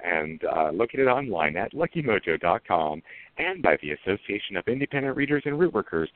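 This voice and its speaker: A man hosting a radio show, reading sponsor announcements with quick asides. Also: fairly low pitch, sing-song. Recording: dry tinny phone-line audio.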